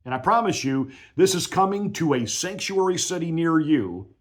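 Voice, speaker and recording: Man, pastor, political commentary, combative, emphatic, slightly high voice. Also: expressive, moderate pace.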